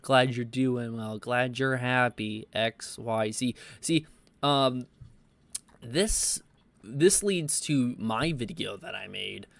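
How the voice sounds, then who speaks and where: Halting, stammering commentary guy. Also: mid-range voice, gravelly, fairly bright tone, no room sound. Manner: halting, filler-heavy, stuttering restarts. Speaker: commentary YouTuber. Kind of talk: reaction commentary.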